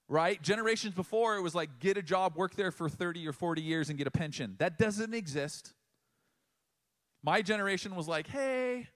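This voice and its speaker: A middle-aged man giving a sermon in a conversational way, with emphatic pauses and frequent restarts. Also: high-pitched, fairly bright tone. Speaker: pastor.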